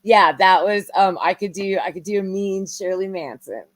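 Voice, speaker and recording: A woman's voice: medium pitch, moderate pace, no echo. A woman co-hosting a live aftershow stream, bantering in an easygoing way. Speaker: guest co-host. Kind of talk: casual live aftershow chat.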